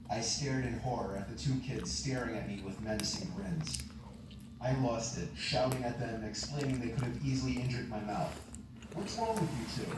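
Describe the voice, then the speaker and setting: A man reading a horror story aloud in an even storytelling delivery. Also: mid-range voice. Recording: very echoey, distant, noisy.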